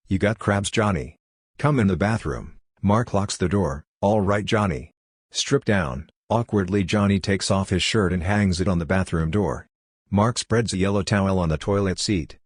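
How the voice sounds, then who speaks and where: A man slowly reading his own literary fiction aloud in a deadpan, fragmented recitation. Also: low-pitched, no echo, clean studio sound.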